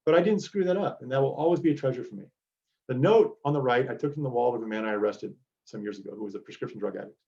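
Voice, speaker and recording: A man's voice: medium pitch, very fast, a little mellow, highs cut off. A middle-aged man, a DEA agent, giving an earnest motivational lecture to students over a video call.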